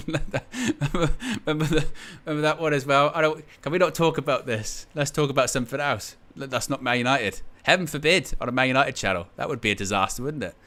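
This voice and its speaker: A man's voice: medium pitch, fast talker, few pauses, bright, forceful tone. A man hosting a live match-day stream, chatting casually in a rambling, jokey, sarcastic way.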